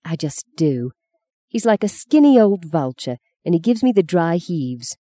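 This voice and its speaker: A woman voicing a sharp-tongued young actress who answers with blunt, scornful retorts in a storybook reading. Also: fairly low pitch, big pitch swings, a little slow, dry recording.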